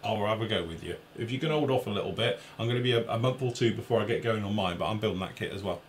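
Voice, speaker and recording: An Englishman co-hosting a live chat show talks at a racing pace in a fairly low voice. He rambles, pokes fun at himself, and reads viewer comments aloud.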